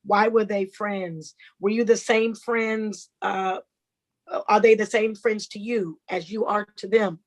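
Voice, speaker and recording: A woman's voice: mid-range voice, steady tone, takes it slowly, rough recording. A woman in her forties hosting a talk show, effusive and enthusiastic with her guest. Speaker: host. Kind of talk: radio talk show interview.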